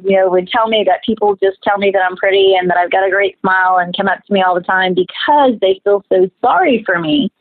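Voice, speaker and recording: A minister appearing as an interview guest earnestly shares her personal testimony, acting out the voices of people in her story. Her medium-pitched voice comes over a tinny, phone-like, dry line with no room sound.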